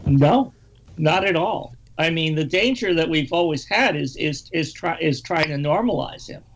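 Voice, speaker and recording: A man's voice: on the high side, expressive, moderate pace. A man chatting on a political talk panel, hesitant and repeating words as he builds his point. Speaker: panel guest. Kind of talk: casual political chat.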